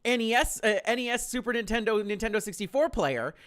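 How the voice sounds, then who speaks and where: A man's voice: high-pitched, quick pace, fairly bright tone. A man telling a story on a stream, profane, incredulous and exasperated.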